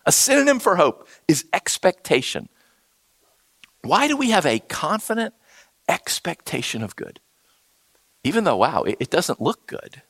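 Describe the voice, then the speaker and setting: In this sermon, a man preaching as pastor animates his stories by performing each person's voice himself. He speaks a little high, and the recording has no room sound.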